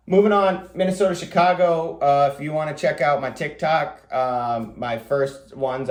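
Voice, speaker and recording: A man hosting a fantasy football show, talking quickly in a casual, rambling way with lots of fillers. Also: mid-range voice, a little mellow, reverberant. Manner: rapid, rambling delivery with many fillers. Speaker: fantasy football podcast host. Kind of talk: casual solo commentary.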